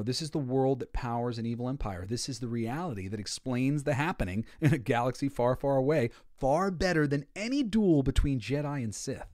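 Man, podcast host, casual commentary, emotional, shifts from soft to excited, dry close mic. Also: fairly low pitch, dry recording. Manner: emotional, animated, swings between soft and excited. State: tearful.

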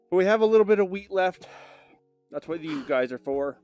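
A man casually commenting on his gameplay, chatty and animated, sometimes bursting into loud exclamations and coaxing animals and his dog. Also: fairly high pitch, fairly quick, soft background music. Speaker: gaming video host.

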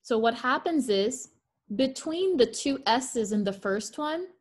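A woman's voice: sits high, animated, slow pace. A woman teaching French pronunciation in an online class over a video call. She reads French examples carefully and adds playful asides.

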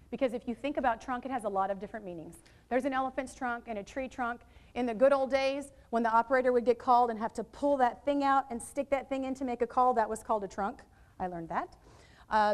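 A middle-aged woman presenting a teacher training workshop to educators in a room, talking in a lively, chatty way with asides to the audience, on a worn microphone. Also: fairly high pitch.

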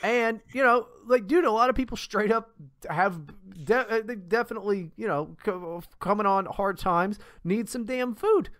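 A man's voice: high-pitched, moderate pace, a bit bright, dry recording, clean studio sound. A man co-hosting a podcast, ranting in a profane, exasperated casual chat with many restarts. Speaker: podcast co-host.

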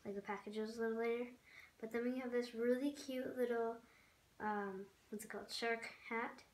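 A woman's voice: fairly high pitch, normal speed. Gushing young woman in an echoey room. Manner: gushing, excitable, many fillers. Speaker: vlogger. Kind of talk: casual unboxing commentary. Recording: echoey room with background noise.

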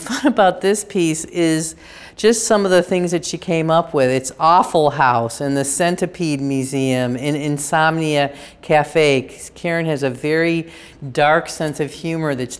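A woman's voice: deep voice, smooth. A woman guiding viewers through an art exhibition, chatty and enthusiastic, with frequent ums and restarts. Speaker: gallery curator giving a tour. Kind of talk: unscripted gallery tour walkthrough.

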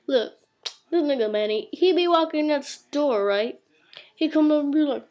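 A woman's voice: high voice, normal speed, a little mellow. A woman ranting to a webcam in a room, boastful and rambling, cursing constantly as she tells tall stories. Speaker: vlogger. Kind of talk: comic profane rant to camera. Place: indoor room.

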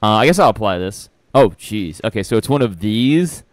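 A man's voice: fairly low pitch, sing-song, moderate pace, no echo. A young adult man streaming a horror game, nervous and rambling, with frequent laughs and restarts. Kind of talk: live gameplay commentary.

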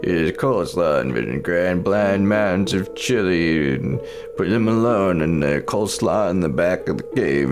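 A man voicing a cheery female TV cooking show host who rambles through a nonsense recipe over game music. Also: low voice. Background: video game music.

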